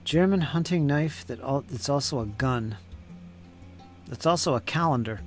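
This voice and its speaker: A man's voice: medium pitch, animated, moderate pace, soft background music. A man hosting a live stream, chatting casually and muttering to himself while he paints miniatures. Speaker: channel host painting miniatures.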